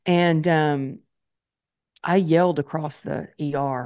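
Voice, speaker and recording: A woman's voice: sits low, moderate pace, darkish tone. A woman telling her personal story as a podcast guest, vividly retelling it and acting out her own past thoughts.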